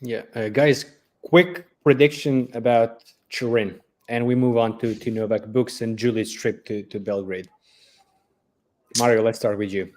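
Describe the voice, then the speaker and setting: Casting: male host, mid-pitched voice, brisk and casual, keeps the show moving. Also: steady tone, darkish tone. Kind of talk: casual chat.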